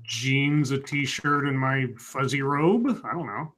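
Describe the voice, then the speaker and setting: Bright-toned, hesitant co-host man. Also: mid-range voice, takes it slowly. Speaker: co-host streamer. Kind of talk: casual livestream chat.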